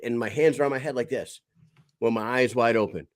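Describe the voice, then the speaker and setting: A man's voice: mid-range voice, fairly even intonation, fairly quick, no echo, clean studio sound. A man co-hosting a podcast, enthusiastically retelling a fight in casual chat and swearing often. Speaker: podcast co-host.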